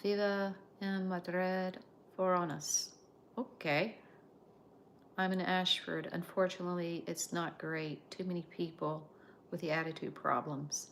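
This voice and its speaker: An American woman hosting a casual live stream, chatting and reading out viewer comments in an unhurried way. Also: on the low side, steady tone, fairly bright tone, a little hiss or hum. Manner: unhurried, chatty, drawn-out phrasing. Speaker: livestream host.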